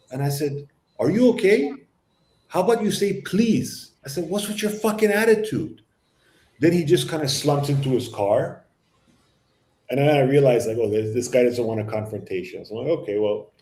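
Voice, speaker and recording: A man spins an animated, profane story in casual panel talk. His voice is dark and mellow. The room around him is roomy and echoey. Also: medium pitch. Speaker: podcast panelist.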